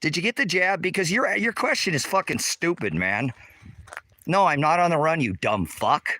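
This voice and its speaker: Filming on a handheld phone as he walks, a man tours his rural property on a livestream, combative and cursing nonstop as he rants at viewer comments. His voice is a little high, expressive and bright with a forceful tone, at a moderate pace, with no room sound.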